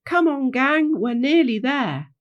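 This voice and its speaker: A woman's voice: high voice, big pitch swings, a little slow, a little mellow, lo-fi sound, voice pushed up, heavily acted. A woman voicing a bossy, impatient boy hedgehog who leads his siblings in a storybook. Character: bossy boy hedgehog leader, older brother.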